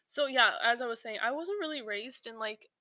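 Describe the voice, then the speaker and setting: A young woman hosts a podcast in loose, rambling chat. She keeps restarting her sentences and filling gaps with "like". Her voice is bright and a little high, and the dry recording has almost no room sound. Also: fairly quick, dry recording. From South Asia. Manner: rambling, many fillers and restarts. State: slightly out of breath while eating. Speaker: podcast host.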